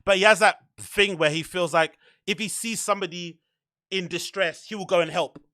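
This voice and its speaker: A young man hosting a podcast, chatting casually in a rambling, animated way, full of fillers and swearing. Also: sits high, moderate pace, dry recording, studio quality. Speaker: podcast host. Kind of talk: casual chat.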